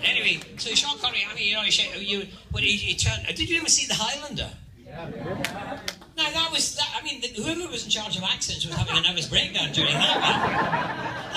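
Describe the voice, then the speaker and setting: A man's voice: high-pitched, fairly quick, far from the mic. Older scottish guy rambling funny stories on a con panel, big swoopy voice, crowd all round. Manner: animated, playful, laughing asides. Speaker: convention panel guest. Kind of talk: anecdotal storytelling to an audience. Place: large convention hall. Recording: echoey hall with crowd.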